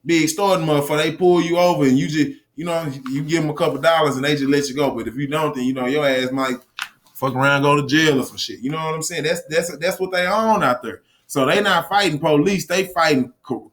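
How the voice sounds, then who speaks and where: A man's voice: on the high side, brisk, a bit bright. A man speaking in a casual, profane rant, cursing often, repeating himself and reading news items aloud. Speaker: commentator.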